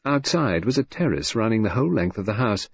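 Low, husky male audiobook narrator. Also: very animated, fairly quick, no room sound. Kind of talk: scripted narration. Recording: dull, dry lo-fi recording.

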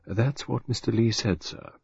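A smooth, deferential male servant, as a man reads him, speaking in a low, polite murmur. The voice is husky and soft-edged. The recording is dry and a little dull. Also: steady tone, normal speed, no echo.

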